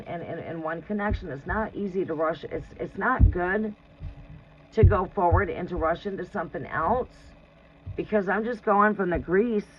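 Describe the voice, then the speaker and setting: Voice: medium pitch, a bit bright. Blunt, foul-mouthed tarot reader who laughs a lot, casual live-stream advice, dull lo-fi audio with faint noise. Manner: blunt and profane, laughs often.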